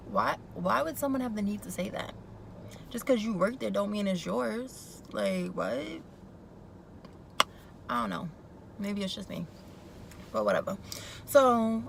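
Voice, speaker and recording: A woman's voice: mid-range voice, creaky, fairly bright tone, a little hiss or hum, low-quality recording. A young woman casually recapping a TV episode, gossipy and opinionated, with chatty asides. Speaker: YouTube recap vlogger.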